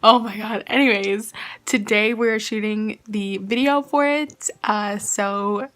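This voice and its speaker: A woman's voice: medium pitch, steady tone, slow, fairly bright tone. A young woman chatting casually in a home vlog, bubbly and giggly, recorded at home on a camera mic. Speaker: vlogger and singer. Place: home, kitchen.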